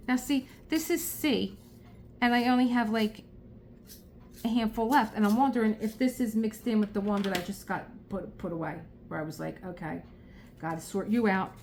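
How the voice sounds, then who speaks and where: A fairly high-pitched, slightly mellow voice at normal speed belongs to a middle-aged crafting vlogger from Philadelphia with a South Philly accent. She chats casually and rambles as she crafts, laughing often, against slight background noise.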